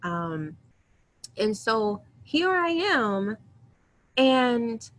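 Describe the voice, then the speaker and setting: Earnest, gravelly-voiced woman webinar host. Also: medium pitch. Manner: earnest, candid and emotional, with quick self-quotes. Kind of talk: webinar talk, personal storytelling.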